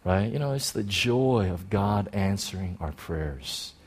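Excitable man preaching a testimony. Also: on the low side, unhurried, slightly rough. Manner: excitable, animated storytelling with many restarts. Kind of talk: personal testimony sermon.

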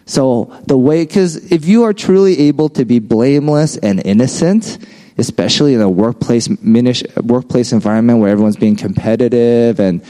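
A man's voice: medium pitch, mellow, rough recording. A man giving a casual, conversational sermon, often checking in with "right?". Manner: conversational, frequent "right?" tags. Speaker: preacher.

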